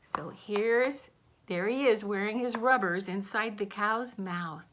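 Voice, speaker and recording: A woman reading a picture book aloud to children, slowly explaining the pictures. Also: medium pitch. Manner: slow, gentle, explaining the pictures. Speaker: storytime reader.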